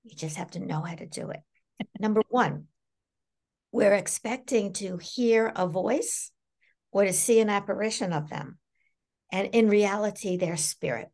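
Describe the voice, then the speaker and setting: A middle-aged woman talking as a psychic medium guest in a casual podcast interview, animated and laughing often as she acts out quoted voices. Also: medium pitch, unhurried.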